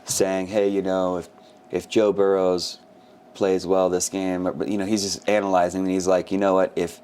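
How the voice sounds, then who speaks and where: A man co-hosting a casual sports podcast, telling animated stories and acting out quotes. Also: low-pitched, normal speed, smooth. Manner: animated storyteller who acts out quotes. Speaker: podcast co-host.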